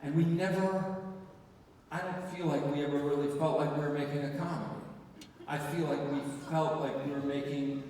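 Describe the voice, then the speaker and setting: An older actor telling a lively story on a theater stage, acting out the lines he quotes. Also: fairly high pitch, normal speed, a little hiss or hum. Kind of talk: live stage anecdote. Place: large theater stage with audience. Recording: distant, echoey hall sound.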